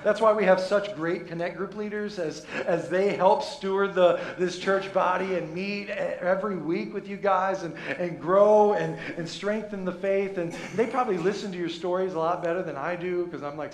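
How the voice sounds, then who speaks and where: High-voiced, joking preacher in an echoey church. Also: male voice, steady tone, moderate pace, hardly any pauses. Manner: playful, self-mocking, many restarts. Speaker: pastor. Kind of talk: sermon.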